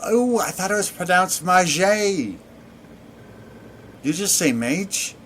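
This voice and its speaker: A man giving sarcastic, deadpan commentary while playing a video game. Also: sits high, measured pace, a little hiss or hum. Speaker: let's play gamer. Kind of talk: gameplay commentary.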